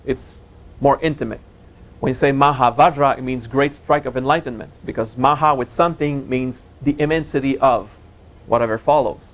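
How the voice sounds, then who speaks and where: A man teaching a spiritual seminar in a gentle, playful way, joking with his audience and laughing at his own jokes. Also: mid-range voice, poor audio. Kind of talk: relaxed seminar talk.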